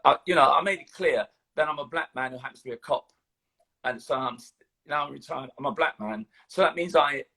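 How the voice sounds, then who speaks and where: An older man with a London accent, a guest in a casual interview, telling his life story in a lively way with many fillers. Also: fairly high pitch, fairly quick, vocal fry, slightly rough. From London, England. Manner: animated storytelling, hesitant fillers.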